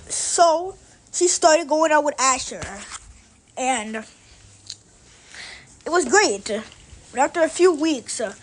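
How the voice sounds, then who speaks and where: A girl casually telling a fan fiction story out loud, rambling with frequent restarts and fillers. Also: high voice.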